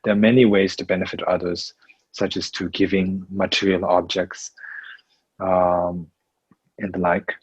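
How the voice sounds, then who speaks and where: A man teaching a Buddhist class in English, speaking slowly and haltingly with many fillers and restarts. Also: low voice, little pitch movement, slightly rough, no room sound, lo-fi sound.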